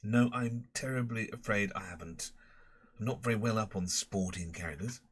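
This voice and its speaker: A man's voice: on the low side, moderate pace, a bit bright, slightly rough. A man voicing a polite, reserved young man who answers mildly and with understatement.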